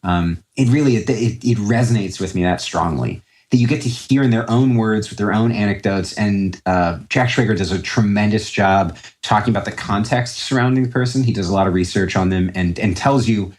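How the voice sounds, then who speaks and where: A man with a very low voice talks loosely as a guest on an interview show. He rambles, circles back and restarts his sentences with lots of fillers. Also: fairly quick, few pauses, darkish tone. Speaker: podcast guest, trader. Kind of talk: casual interview talk.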